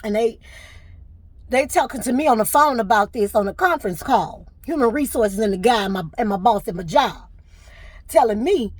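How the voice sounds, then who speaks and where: A woman's voice: on the high side, lively intonation, moderate pace, husky, no echo. A middle-aged woman, venting to camera with emotion and fighting back tears. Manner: tearful, fighting back crying. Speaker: vlogger.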